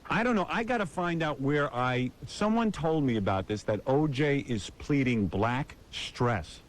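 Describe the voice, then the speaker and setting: A man's voice: medium pitch, animated, unhurried, poor audio. A man hosting a radio talk show, brash and mocking in irreverent banter. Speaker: radio host.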